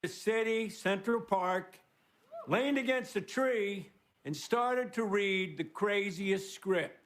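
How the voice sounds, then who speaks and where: A man in his sixties delivering a relaxed, self-mocking stand-up monologue, pausing for laughs. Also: high voice. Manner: laid-back, self-mocking joke delivery with pauses for laughs. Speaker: guest monologue host on a comedy show. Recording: studio audience, crowd and noise behind. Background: audience laughter.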